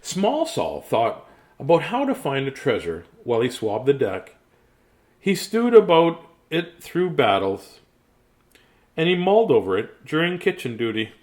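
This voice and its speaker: Lively, chatty man reading a storybook aloud. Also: medium pitch, a little slow. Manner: chatty, laughs often, breaks off into asides. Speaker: children's book reader.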